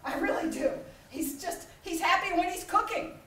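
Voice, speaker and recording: Middle-aged female keynote speaker, animated storyteller who acts out voices, high pitch, echoey distant hall sound. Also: normal speed, a crowd in the background. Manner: animated storytelling, acting out voices and laughing often. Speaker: conference speaker. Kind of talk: motivational keynote talk. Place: large conference hall. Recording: echoey hall recorded from far off.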